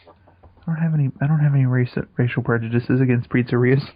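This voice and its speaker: A man's voice: medium pitch, steady tone, quick pace, narrow, tinny audio. A man co-hosting a casual movie podcast, tossing out dry jokes with some swearing. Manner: dry jokey asides, swearing. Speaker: podcast co-host.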